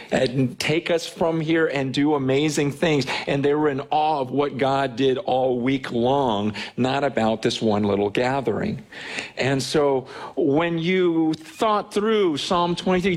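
Male pastor, sermon, earnest, animated, fairly high voice, stumbling restarts. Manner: animated, earnest, with many restarts and rising pitch when excited. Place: church sanctuary.

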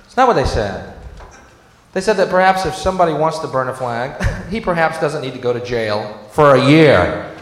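A man doing a sarcastic stand-up rant in an exasperated tone, bursting into shouts. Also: a little high, expressive, moderate pace. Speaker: stand-up comedian. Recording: echoey hall recording.

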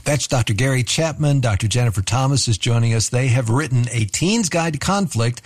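A male radio host introduces his guests and leads the talk in a measured voice, asking gently probing questions. His pitch sits mid-range for a man. The sound is dry and close. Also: expressive, no echo. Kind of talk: radio interview hosting.

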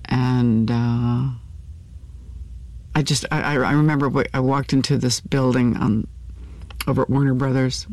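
An older actress speaking candidly in an interview, with halting restarts and fillers. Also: female voice, very deep voice, steady tone, darkish tone, no room sound. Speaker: actor, interview guest.

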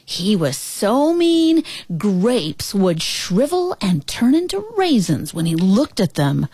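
A woman telling an animated animal story aloud in an expressive way, calling her listeners brothers and sisters. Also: medium pitch, slow pace, slightly rough, dry recording.

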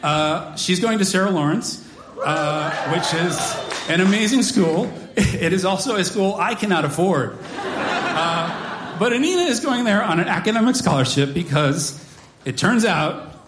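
A man in his forties telling a wry, animated personal story on stage to a live audience, with mock-dramatic asides. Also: sits high, a little slow, background noise.

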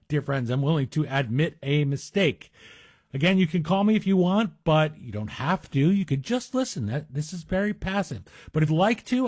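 A middle-aged man hosts a talk radio monologue in a husky, slightly raised voice. He talks in a chatty, wry way full of self-deprecating asides, recorded close on a dry studio microphone. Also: on the high side, darkish tone, no room sound. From Greek heritage. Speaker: radio guest host.

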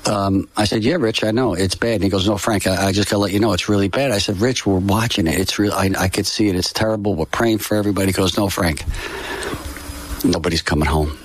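An older man telling a personal story in an interview, halting and emotional, with many fillers and restarts. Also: on the low side, fairly even intonation. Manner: emotional, solemn. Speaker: interview guest.

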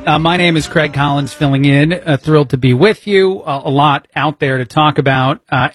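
Guy hosting talk radio, kinda high voice, dry close studio sound, lots of uhs, annoyed. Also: breathy edge, dry recording. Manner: lots of "uh" fillers, indignant and sarcastic. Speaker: fill-in radio talk show host. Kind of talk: opinionated talk radio monologue.

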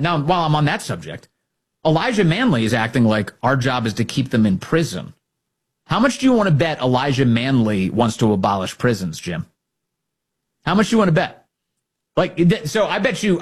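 A man hosting a political talk show, sarcastic and animated, often mocking others in put-on voices. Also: mid-range voice, slightly rough. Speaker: talk radio host.

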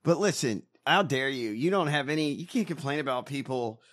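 A man co-hosting a casual political chat, profane and mocking, breaking into loud rants. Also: mid-range voice, animated, a little fast. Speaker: podcast co-host.

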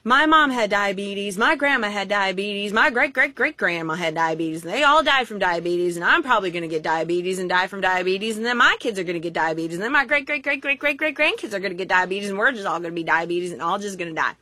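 A woman's voice: mid-range voice, quick pace, few pauses, sharp tone, dry recording, pitched below the performer's own voice. A woman putting on the voice of a gloomy worrier who is sure she will inherit every illness in the family. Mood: resigned.

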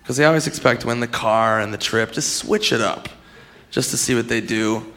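A male stand-up comedian ranting about game shows, breaking into loud outbursts. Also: mid-range voice, a little fast. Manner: loud, excitable rants with shouted outbursts. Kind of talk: stand-up routine.

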